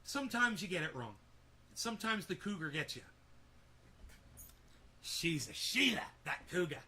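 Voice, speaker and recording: A man's voice: high-pitched, big pitch swings, normal speed, sharp tone, slightly rough. A man hosting a livestream, chatting in a rambling, laid-back way and swearing casually. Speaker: livestream host.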